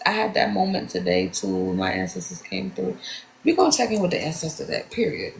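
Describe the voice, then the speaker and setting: A woman's voice: on the low side, wildly swooping pitch, fairly quick, vocal fry, roomy sound, a little hiss or hum, low-quality recording. A woman from New York with a New York accent gives a casual spiritual card reading. She speaks in loose slang, swears freely and calls her listeners "baby".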